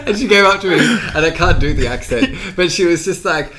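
A man's voice: a little high, animated, fairly quick, crowd noise. Hesitant, rambling man telling stories. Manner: rambling, hesitant storytelling with many fillers and frequent laughs. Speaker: podcast co-host. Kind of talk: casual chat.

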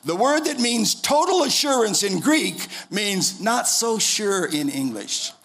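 A middle-aged man preaching a sermon as pastor in a church, impassioned, swinging from soft, low passages to shouted pleas. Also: very animated, a little slow.

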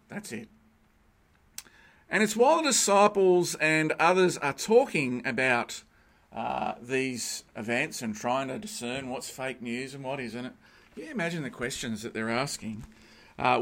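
A man preaching a sermon as pastor, animated and emphatic, rising to peaks and then dropping quiet. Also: medium pitch.

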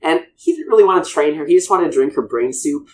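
A man rattling off a story at a fast clip, his voice leaping up and down as he goes. He rambles through the details in a loose, animated podcast chat. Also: on the high side, crowd noise. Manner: rambling, animated retelling of lore. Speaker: podcast co-host.

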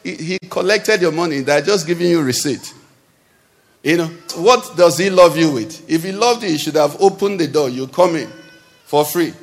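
A pastor whose voice is on the high side and creaky preaches a sermon in a church hall, questioning the congregation and calling for their responses. Long hall reverb colors the recording.

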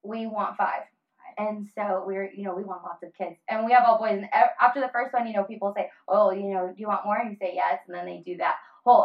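A woman in her thirties talks earnestly about family and faith, with many fillers and pauses. Her voice sits at a middle pitch. The audio is a little dull and lo-fi. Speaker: guest. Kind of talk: casual conversation.

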